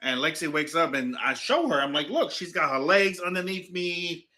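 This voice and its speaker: A man's voice: fairly high pitch, lively intonation, normal speed, pushed and bright. A man hosting a casual chat from his couch at home, rambling and telling stories with lots of fillers. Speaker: show host.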